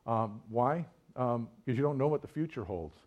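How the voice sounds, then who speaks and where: A man preaching a sermon at a middle pitch. He talks in a loose, conversational way, full of fillers and quick questions to his listeners. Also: expressive, highs cut off.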